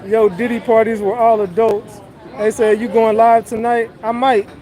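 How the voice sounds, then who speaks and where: A man's voice: high-pitched, flat delivery, moderate pace, warm tone, a faint crowd. A man doing casual livestream commentary outdoors on a city street, joking loosely and reading his chat aloud into a phone.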